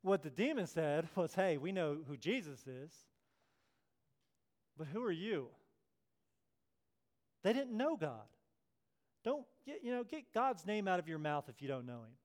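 A man preaching a sermon as pastor, swinging from hushed prayerful tones to loud emphatic passages and acting out quoted voices. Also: on the high side, very animated, measured pace, long pauses.

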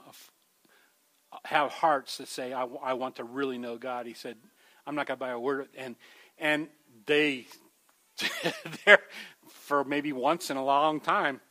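Bright-voiced man preaching a sermon. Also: mid-range voice. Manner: conversational preaching, frequent restarts, addresses listeners as folks. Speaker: pastor.

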